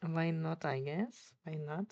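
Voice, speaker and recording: Low-voiced woman, slow halting reaction. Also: gravelly, a little mellow, no room sound, muffled recording. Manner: halting, searching for words, with restarts. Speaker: streamer reacting to a video. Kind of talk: casual reaction commentary.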